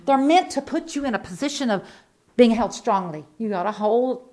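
A woman delivers a sermon in a fairly high, lively voice that climbs and dips all over. She tells her story folksy and plain, jumping from loud emphatic bursts to hushed asides. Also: moderate pace. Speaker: preacher.

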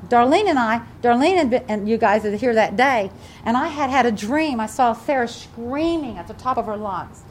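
A woman's voice: on the high side, slight background noise. Fervent older woman preaching a sermon. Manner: fervent, preaching with rising emphasis. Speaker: pastor.

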